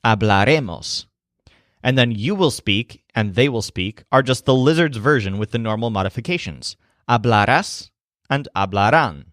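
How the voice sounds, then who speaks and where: A man narrating a language lesson in a clear, explanatory way. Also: mid-range voice, expressive, moderate pace, fairly bright tone, no echo, clean studio sound. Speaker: language teacher.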